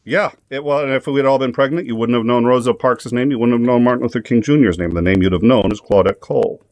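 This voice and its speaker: A man's voice: mid-range voice, fast talker, darkish tone, no echo. A man hosting a casual chat show, telling jokes and stories in a rambling way with many restarts. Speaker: host.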